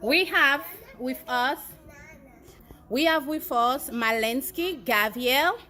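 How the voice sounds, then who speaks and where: A woman's voice: high voice, takes it slowly, sharp tone. A woman with a French accent hosting a church children's program, greeting the kids and leading them in song. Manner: cheerful, addresses children directly.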